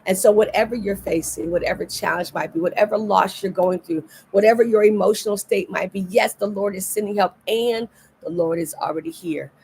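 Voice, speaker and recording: A woman's voice: medium pitch, a little fast, vocal fry, darkish tone, slight background noise. A middle-aged woman pastor giving a livestreamed devotional sermon, earnest and repeating key phrases for emphasis. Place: indoors, recorded for a livestream.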